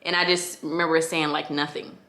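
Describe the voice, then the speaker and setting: A woman's voice: low voice, level tone, brisk, sharp tone. A young woman from Connecticut telling a personal story to her viewers, casual and heartfelt, with lots of fillers. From Connecticut, USA. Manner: casual, heartfelt, filler-heavy, addresses listeners as y'all. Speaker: vlogger. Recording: echoey room.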